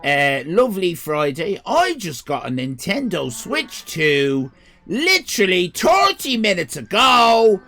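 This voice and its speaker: An Irish man hosting a live stream, chatting casually with viewers, swearing and joking in animated rants. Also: high voice, slow pace, faint music behind. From Ireland. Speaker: livestream host.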